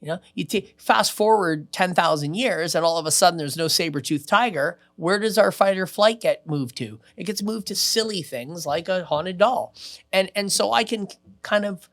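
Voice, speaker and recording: A man guesting on a podcast, telling show stories with brash, boastful energy. He talks in bursts, getting loud for punchlines and dropping low for asides. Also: normal speed. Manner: brash, boastful, lively swings in loudness. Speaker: mentalist guest. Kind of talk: animated storytelling in conversation. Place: podcast studio.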